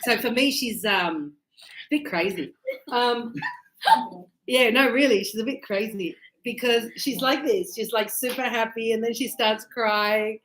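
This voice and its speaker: A woman's voice: a little high, measured pace, a bit bright, roomy sound. A middle-aged woman teaching a grammar lesson to a class, acting out little scenes with voices as examples. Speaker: English teacher.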